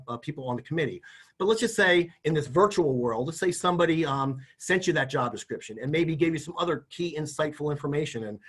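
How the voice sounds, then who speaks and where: A middle-aged man with a fairly high, fairly bright voice presents for career services. In a relaxed, folksy instructional talk, he shares practical interview advice and often demonstrates example lines himself.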